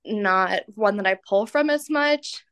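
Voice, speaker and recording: A woman's voice: medium pitch, lively intonation, a little slow, fairly bright tone, clear, resonant tone. A woman in her twenties, a podcast guest telling personal stories in a chatty, self-mocking way and laughing often. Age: 20s. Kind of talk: candid personal storytelling.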